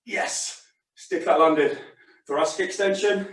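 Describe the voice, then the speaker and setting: A man's voice: sits high, lively intonation, moderate pace. Guy fitness instructor calling out reps, chatty and upbeat, mic far off in a big echoey room. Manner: chatty, encouraging, short exercise cues. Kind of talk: live fitness class coaching.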